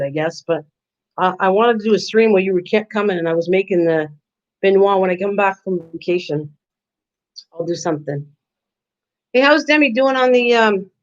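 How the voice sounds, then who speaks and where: A woman's voice: mid-range voice, normal speed, pauses often. An older woman hosting a casual live stream from her home kitchen, chatting with viewers by name and laughing often. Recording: lo-fi stream audio.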